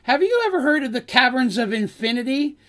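A man's voice: sits high, very animated, normal speed. A man voicing Dandy, a flustered young adventurer woman. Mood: earnest.

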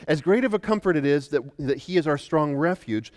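Man, middle-aged, from the US, pastor, emphatic sermon, soft-to-loud swings, church hall reverb. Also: fairly high pitch, expressive, a little fast, hardly any pauses. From United States. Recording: long reverb of a large hall.

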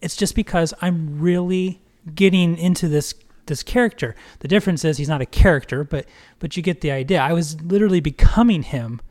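A man co-hosting a podcast, talking in an earnest, reflective way in casual chat. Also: a little high. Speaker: podcast co-host.

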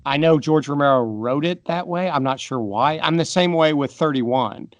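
A man's voice: on the high side, moderate pace, no room sound. Guy cohosting a movie podcast, opinionated and emphatic, dry close sound. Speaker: podcast co-host. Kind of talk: casual movie review chat.

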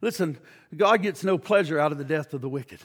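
A man preaching a sermon in a church, impassioned, moving between hushed low passages and shouted appeals. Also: fairly quick, husky. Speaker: pastor.

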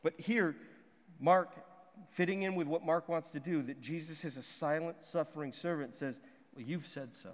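A man's voice: fairly high pitch, fairly even intonation, normal speed, long reverb tail. A man teaching through a Bible passage, often checking in with his listeners by asking "right?".

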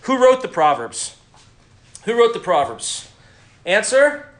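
Male Bible teacher, animated and interactive with his class; recorded in an echoey room. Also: sits high, slow pace. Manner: lively, interactive, quizzes the class.

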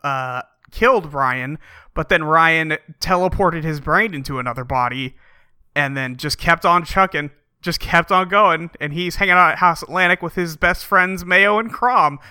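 Dry joking podcast guy, sharp bright tone, close dry mic. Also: on the high side, moderate pace, smooth, no echo. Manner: wry, deadpan jokes. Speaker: podcast co-host. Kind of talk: casual comedic chat.

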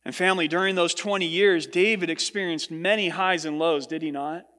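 A long hall reverb trails the pastor's steady, sharp-toned voice as he preaches a little fast in a large church hall. Earnest before his congregation, he climbs in pitch when quoting someone else.

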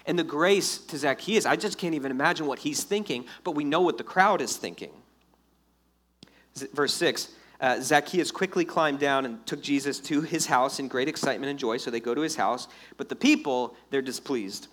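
A man preaching a sermon in a lively, conversational way, acting out the quotes. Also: on the high side, moderate pace. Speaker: pastor.

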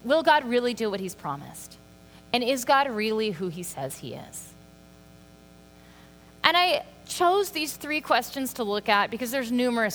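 A woman giving a sermon in a relaxed, conversational way, filling pauses with "like" and "um". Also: mid-range voice. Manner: conversational, lots of "like" and "um". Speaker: preacher. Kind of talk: casual sermon. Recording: long hall reverb with faint mains hum.

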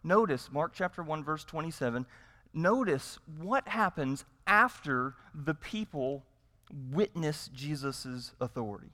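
A man's voice: on the high side, animated, measured pace, pushed and bright, big-room sound. A man preaching a sermon as pastor, emphatic, repeating his points and asking rhetorical questions.

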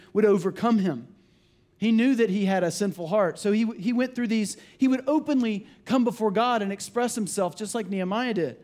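A man preaching a sermon as pastor, animated, with asides and acted-out quotes. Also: high-pitched.

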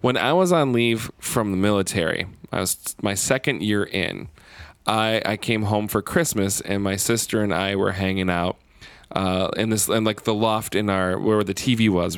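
A man telling a story in casual podcast chat, animated and profane. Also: on the low side, normal speed, vocal fry, no echo.

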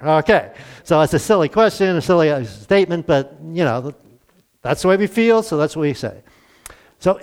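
A man delivering a relaxed, conversational sermon with a somewhat higher voice. He talks to the congregation like a friend, tossing out questions and chuckling now and then. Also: normal speed. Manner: conversational, asks the audience questions, chuckles often. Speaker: pastor. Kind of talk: casual sermon.

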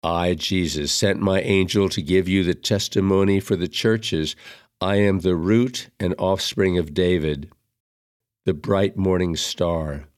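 Deep-voiced man reading scripture solemnly. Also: steady tone, no room sound, studio quality. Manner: measured, solemn recitation. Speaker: liturgical reader. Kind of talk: reading Mass prayers and scripture.

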